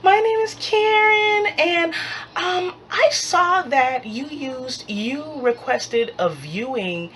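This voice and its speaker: Woman putting on a prim, squeaky office lady. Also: fairly bright tone, a little hiss or hum. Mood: prim, probing. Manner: sing-song and halting, with drawn-out ums. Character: prim, high-voiced female rental office caller.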